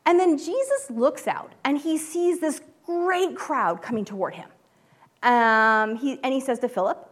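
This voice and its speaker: A high-voiced woman gives a casual devotional talk as a mother speaking to a group. She talks in a chatty way, full of fillers and little restarts, and acts out the quotes she tells. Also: expressive, moderate pace.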